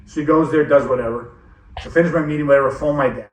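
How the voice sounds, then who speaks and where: A man's voice: fairly high pitch, racing. A man telling a rambling, unplanned story to friends, quoting people with lots of fillers. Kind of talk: casual storytelling. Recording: roomy, distant mic, faint noise.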